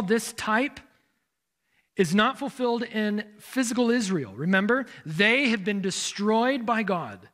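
High-voiced pastor preaching an expository sermon. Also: male voice, a bit bright. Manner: expository, poses rhetorical questions; directs listeners to turn in their Bibles.

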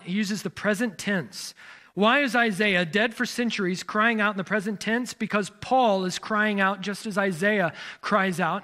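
High-voiced pastor preaching an expository sermon. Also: male voice, sharp tone. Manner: expository, poses rhetorical questions; directs listeners to turn in their Bibles.

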